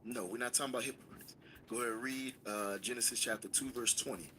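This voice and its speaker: Speaking quickly in a pushed, bright medium-pitched voice, this man teaches a Bible class with a commanding, emphatic manner. He calls on a student to read in call-and-response fashion, over slight background noise.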